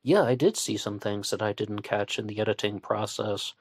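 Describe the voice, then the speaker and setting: A man with a fairly low voice hosts his show in a relaxed monologue. He meets critics with dry sarcasm. The sound is close and dead, with no room in it. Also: moderate pace, breathy edge, dry recording. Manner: conversational, with sarcastic asides. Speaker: online radio show host. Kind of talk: casual monologue.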